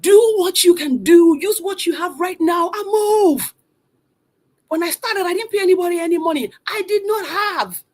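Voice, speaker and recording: Speaking at normal speed in an extremely high voice, this adult woman runs an online motivational session live from home, not a studio. The coach and mother of three is energetic, pressing her listeners again and again.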